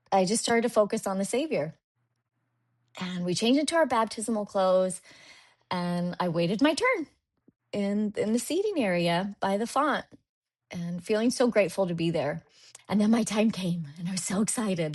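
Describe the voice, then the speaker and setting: A woman's voice: mid-range voice, lively intonation, unhurried, darkish tone. A young woman in her twenties telling a personal story as a guest on a podcast interview, acting out her past thoughts as she goes.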